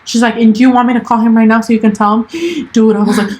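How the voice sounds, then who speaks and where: A woman's voice: on the high side, fast talker, darkish tone, rough recording. Bilingual young woman telling a story. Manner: switches between English and Spanish, lots of "like" and "dude". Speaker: podcast co-host. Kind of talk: casual storytelling chat.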